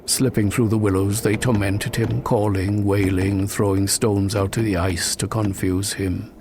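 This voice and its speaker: A man narrating a suspenseful first-person story in a measured, dramatic way, breaking into sharp cries at tense moments. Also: lowish voice, flat delivery, noisy background. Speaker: audiobook narrator.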